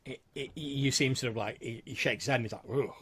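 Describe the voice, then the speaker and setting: A man's voice: medium pitch, fast talker, a bit bright, breathy edge. A man narrating a tabletop role-playing game as game master, in a casual, filler-heavy way.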